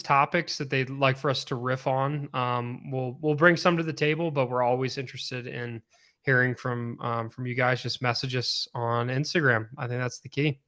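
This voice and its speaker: A man's voice: medium pitch, sharp tone. A man hosting a live podcast as a fitness coach, upbeat and rambling, with lots of fillers. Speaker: podcast host and CrossFit coach. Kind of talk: casual live podcast chat.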